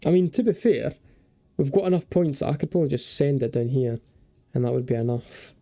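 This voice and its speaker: A man's voice: medium pitch, brisk, mellow, faint music behind. A young man giving chatty, casual commentary while playing a geography game, thinking aloud and swearing and joking freely. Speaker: gaming video creator.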